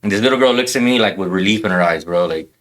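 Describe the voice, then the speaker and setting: A man's voice: fairly low pitch, rapid-fire, a bit bright. A man telling a blunt, profane story in a casual podcast chat, saying "bro" a lot. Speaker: podcast guest.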